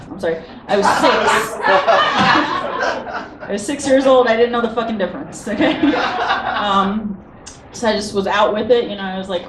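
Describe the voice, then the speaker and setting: A woman's voice: mid-range voice, normal speed. A woman in her twenties doing a stand-up comedy set, self-deprecating and hesitant with many ums. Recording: roomy venue from a distance, noisy.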